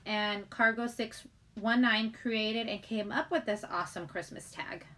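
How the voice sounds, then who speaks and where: A middle-aged woman chats on a livestream in a fairly high voice. She rambles, giggles and greets viewers in the chat as she talks. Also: a little slow, fairly bright tone. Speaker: livestream host.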